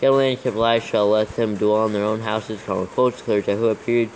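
A man reading scripture aloud as dictation, carefully naming every capital letter and punctuation mark in a steady way. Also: lowish voice, fast, a little hiss or hum, rough recording. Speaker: reader dictating scripture text.

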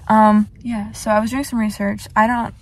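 A woman's voice: mid-range voice, level tone, moderate pace. A young woman vlogging from her parked car, chatting casually in a rambling, self-deprecating way with lots of fillers. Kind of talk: casual vlog chat.

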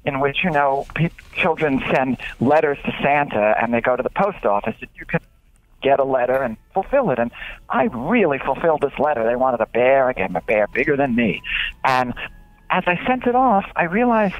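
A man interviewed as an author, telling animated stories and acting out what others said. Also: mid-range voice, fairly quick, no room sound. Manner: animated storytelling with acted-out quotes. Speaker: author and guest. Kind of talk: radio interview. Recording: dull dry lo-fi radio audio.

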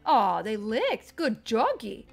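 A woman's voice: fairly high pitch, huge pitch swings, slow, gravelly, faint music behind, exaggerated voice. Woman reads cheery male receptionist hamming up a fake Aussie accent for a dog. Keep it bouncy. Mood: playful. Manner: hammy fake Australian slang. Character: jokey male dog-school receptionist faking an Australian accent.

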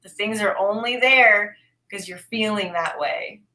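Bright-voiced woman on a livestream, upbeat, greets chat, gives gentle advice. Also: medium pitch, measured pace. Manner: upbeat, reads chat aloud, gently coaching.

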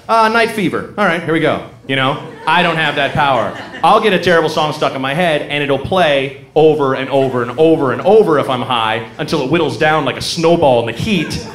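A man doing a rambling, self-mocking stand-up routine, breaking into loud mock singing. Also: mid-range voice. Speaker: stand-up comedian. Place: comedy club stage. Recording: live club recording, roomy, crowd laughter.

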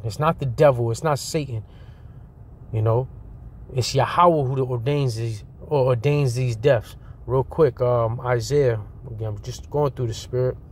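A man delivers a sermon with his voice sitting at an ordinary middle pitch. He reads verses aloud and pushes his warning with mounting urgency. He keeps slipping the word "man" into the ends of his sentences. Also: a little mellow. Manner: earnest, punctuates sentences with "man". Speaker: preacher. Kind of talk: fiery street-style sermon with scripture reading.

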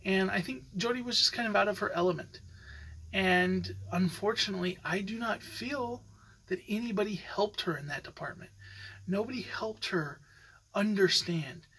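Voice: medium pitch, normal speed, a bit bright, slightly rough, low-quality recording. A podcast host talking in a casual, opinionated way, rambling with many fillers and restarts. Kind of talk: casual solo podcast commentary.

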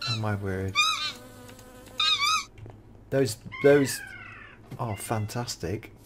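A British man giving casual, excitable gameplay commentary as a YouTube reviewer, often gasping and exclaiming in wonder. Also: medium pitch, very slow, noisy background. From United Kingdom.

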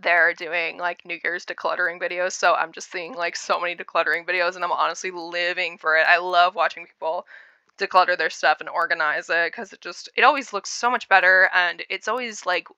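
Bright, crisp woman doing wry commentary. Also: on the low side, steady tone, fairly quick, no room sound. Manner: wry, blunt, chatty. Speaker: reaction commentator. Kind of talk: casual reaction commentary.

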